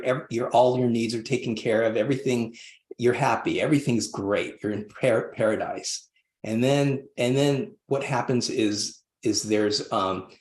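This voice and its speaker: A man who is a podcast guest tells a long personal story, rambling with many restarts and acting out the voices he quotes. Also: mid-range voice. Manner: acts out quoted voices animatedly. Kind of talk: storytelling interview answer. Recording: roomy echo.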